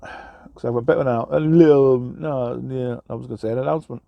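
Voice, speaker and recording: Recorded inside his truck cab, a trucker from England talks in a casual vlog, wandering off-topic, poking fun at himself, and filling his speech with fillers and restarts. His medium-pitched voice is steady and quick with vocal fry, the recording muffled and free of room sound.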